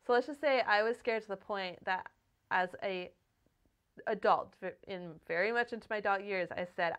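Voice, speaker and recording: A woman in her thirties co-hosting a book podcast, with a smooth, resonant voice at an ordinary middle pitch. She talks casually and swears freely, telling stories with animation and acting out the voices of the people in them. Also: moderate pace, a bit bright. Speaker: podcast co-host.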